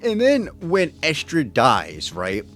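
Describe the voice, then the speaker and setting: Lively-voiced man in casual chat. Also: fairly high pitch, slow, soft background music. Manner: exclaiming, swears casually.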